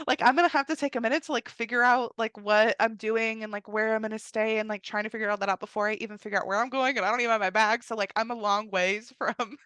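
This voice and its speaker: Chatty woman telling a story, bright voice. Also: on the high side, fast, hardly any pauses, smooth, no room sound. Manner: chatty, heavy use of "like", animated quoted asides. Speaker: podcast host. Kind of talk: casual storytelling monologue.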